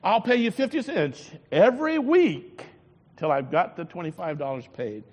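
A man's voice: high voice, expressive, normal speed. Earnest pleading young boy, as a preacher puts him on. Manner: pleading, sincere. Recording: dull lo-fi recording in a long-echoing hall.

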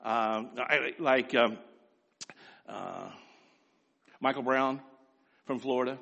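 A man preaching a sermon in a scratchy voice, swinging from quiet asides to loud, rising exhortation. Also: mid-range voice, takes it slowly, creaky, big-room sound, highs cut off.

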